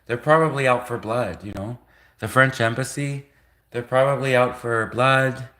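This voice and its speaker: A man with a bright, edgy voice at an average pitch, hosting a livestream. He rambles sarcastically, restarting his sentences and piling up rhetorical questions. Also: moderate pace. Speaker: livestream host.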